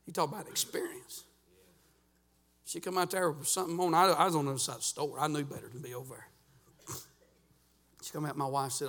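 A man preaching a sermon as pastor in a church, folksy and fervent, peppering his talk with "uh" and rising to shouts. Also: fairly high pitch, fairly even intonation, a little fast, long pauses, in a large hall. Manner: folksy preaching with frequent "uh" fillers. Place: church sanctuary.

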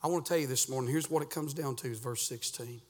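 A man preaching a sermon as pastor in a church, folksy and fervent, peppering his talk with "uh" and rising to shouts. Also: mid-range voice, fast, big-room sound, a little hiss or hum. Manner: folksy preaching with frequent "uh" fillers. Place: church sanctuary.

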